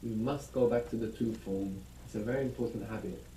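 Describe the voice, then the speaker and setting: Mellow male teacher on echoey playback. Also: on the low side, brisk, far from the mic, slight background noise. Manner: patient, explanatory, guiding questions. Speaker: language teacher. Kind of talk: recorded audio lesson. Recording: echoey audio played from a speaker across a room.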